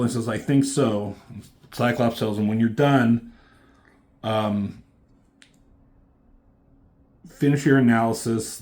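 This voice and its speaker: A man's voice: mid-range voice, steady tone, takes it slowly, long pauses, darkish tone. A man casually recapping and reviewing a comic book, loose and profane, reading out the characters' lines in a slightly raised voice.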